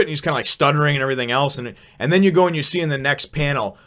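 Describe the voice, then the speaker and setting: Fast-talking man rambling through a review. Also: a little high, fairly bright tone. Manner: rambling, many fillers, frequent chuckles. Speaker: manga review host. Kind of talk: casual chapter review monologue.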